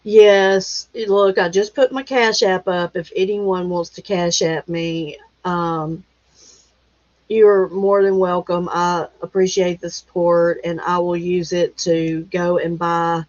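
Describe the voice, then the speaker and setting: A middle-aged woman hosting a livestream, chatting casually with viewers and reading their comments, affectionate and quick to laugh. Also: lowish voice, fairly even intonation, a little mellow, no room sound, dull audio. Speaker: livestream host.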